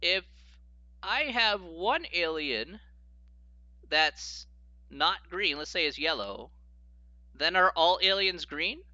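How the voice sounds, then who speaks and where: A man's voice: high-pitched, expressive, takes it slowly, long pauses, pushed and bright, dry recording, muffled recording. A man teaching a live-streamed logic lesson, often laughing as he explains and reacts to viewer chat. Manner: giggly, keeps breaking into laughter while explaining.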